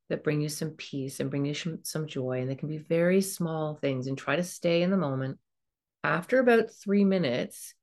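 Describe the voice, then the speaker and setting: Woman, middle-aged, self-help coach, gentle guiding talk, slightly low voice.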